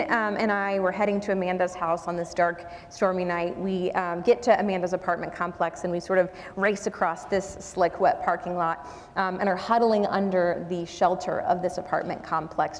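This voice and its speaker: A woman telling a personal story as a guest speaker, conversational and self-deprecating, with frequent ums and asides. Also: lowish voice. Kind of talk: storytelling talk. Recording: hall reverb.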